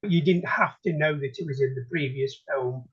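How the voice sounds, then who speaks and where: A man's voice: mid-range voice, moderate pace, husky, lo-fi sound. A man on a podcast panel talking about a film, hesitant and thinking aloud. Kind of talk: casual film discussion.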